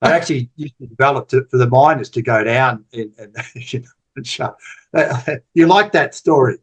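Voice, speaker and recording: A man in his sixties, appearing as a podcast guest, tells stories in a casual interview. His medium-pitched voice is husky, his pace moderate, and he rambles and repeats words.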